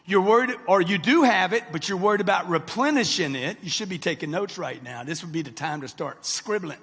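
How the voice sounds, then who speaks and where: A man in his sixties delivers a brash, punchy motivational speech directly to a live crowd in a large event hall, with long hall reverb on the recording. His voice is high, brisk and fairly bright, with lively intonation and a breathy edge.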